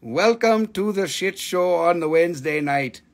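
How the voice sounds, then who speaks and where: Male live-stream host, high gravelly voice, crude jokey sales patter in broken English. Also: animated, unhurried. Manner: joking, rowdy, swears freely; broken, non-native English grammar.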